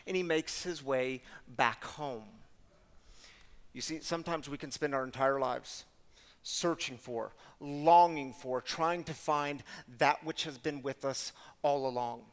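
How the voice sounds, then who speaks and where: A man serving as guest storyteller, delivering a sermon-style story in an animated, conversational way and speaking directly to the audience. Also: medium pitch, slow pace, big-room sound.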